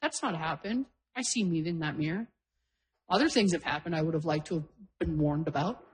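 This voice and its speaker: A woman's voice: low-pitched, fairly quick. A middle-aged woman doing stand-up, telling stories in a self-deprecating way and laughing through her lines. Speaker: stand-up comedian. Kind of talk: stand-up storytelling. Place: stage before a live audience.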